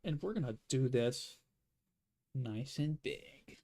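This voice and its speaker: A man's voice: mid-range voice, animated, slow pace, dark tone. A man talking to himself in a rambling way as he draws, giving casual commentary. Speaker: artist.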